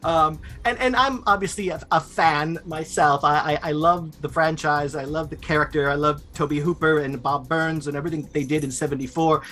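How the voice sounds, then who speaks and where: An interview host who calls himself a fan, asking questions in a casual, halting way with restarts. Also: medium pitch, steady tone, a bit bright, faint music behind.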